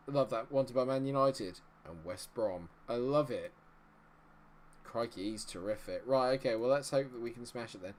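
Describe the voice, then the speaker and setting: A young man giving casual, rambling commentary while he plays a football management game, with excitable bursts. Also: mid-range voice, normal speed. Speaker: gaming video host.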